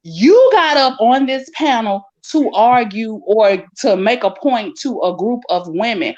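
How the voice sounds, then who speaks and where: Profane high-pitched Southern woman arguing. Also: animated, measured pace, darkish tone. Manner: profane, confrontational, repeats challenges. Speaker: panelist. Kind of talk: heated argument on a live call panel. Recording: dull lo-fi call audio.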